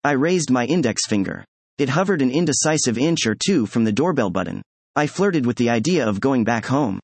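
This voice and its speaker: A man narrating a first-person story as an audiobook, in a measured, even storytelling way. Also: medium pitch, no room sound.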